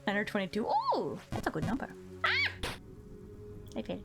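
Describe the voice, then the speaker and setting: A woman live-streaming a game, counting her jumps out loud, yelping when she falls and joking with her chat. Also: mid-range voice, animated, very fast, creaky. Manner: counts aloud while playing, yelps at failures; self-mocking, playful chatter with chat. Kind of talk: live gameplay commentary. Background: background music.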